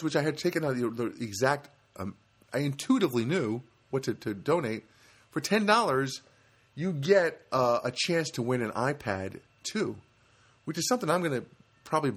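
A man's voice: a little high, a bit bright, husky. A man from New Jersey, a comedian hosting his own show, telling rambling stories in a casual monologue with many restarts. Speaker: comedian podcast host.

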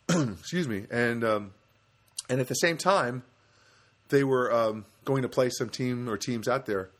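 A man's voice: medium pitch, measured pace, pauses often. Male comedian host from New Jersey, rambling casual monologue. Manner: rambling, many restarts, animated asides.

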